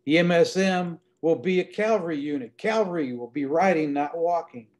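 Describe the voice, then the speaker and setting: A man's voice: fairly high pitch, moderate pace, darkish tone, pitched above the performer's own voice, close to an everyday voice. A man voicing a proud, scheming male militia captain who talks up his plans boastfully. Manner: boastful, persuasive, rising enthusiasm.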